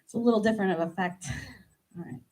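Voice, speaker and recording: A woman's voice: mid-range voice, quick pace, low-quality recording. A woman singer-pianist and piano teacher chatting casually between songs at a live performance, self-deprecating and laughing at herself, speaking into a stage microphone. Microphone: stage microphone while at the piano.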